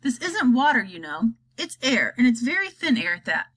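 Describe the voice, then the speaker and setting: A woman reading aloud and voicing an eccentric, bossy grown man piloting a flying glass elevator, brisk and theatrical. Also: on the high side, big pitch swings, fairly bright tone, slightly rough, heavily acted.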